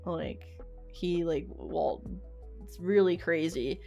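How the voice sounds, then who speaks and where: A young woman streamer chats through a story in a loose, rambling way, packing her sentences with "like" and dropping casual swear words. Her voice sits a little on the low side for a woman. Soft music plays faintly underneath. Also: takes it slowly, gravelly. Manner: rambling, many "like" fillers, swears freely. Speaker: VTuber streamer.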